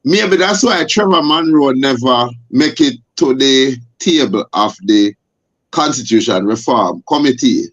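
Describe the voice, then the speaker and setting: A man's voice: medium pitch, expressive, unhurried. Impassioned Jamaican man, lo-fi audio. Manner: forceful, repetitive, rhetorical questions. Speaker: guest. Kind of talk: impassioned talk show discussion. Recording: dull lo-fi audio.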